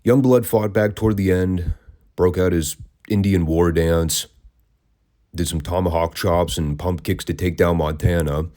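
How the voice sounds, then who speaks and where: Low, mellow-voiced man reviewing wrestling. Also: steady tone, measured pace. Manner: wry, sarcastic, conversational. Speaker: wrestling podcast host. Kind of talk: casual review commentary.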